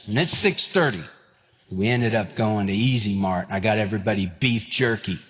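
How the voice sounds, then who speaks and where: A man, preaching a sermon and telling stories with lively acted-out voices. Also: fairly low pitch, normal speed, breathy edge. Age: 50s. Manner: animated, acts out quoted voices and escalating lines. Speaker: pastor. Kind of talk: sermon with storytelling. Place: church sanctuary. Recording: long hall reverb.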